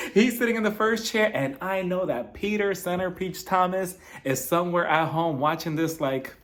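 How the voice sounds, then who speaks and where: A man's voice: on the high side, moderate pace. Sarcastic man recapping reality TV. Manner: animated, sarcastic, laughs often, mimics people in quotes. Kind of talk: casual recap commentary.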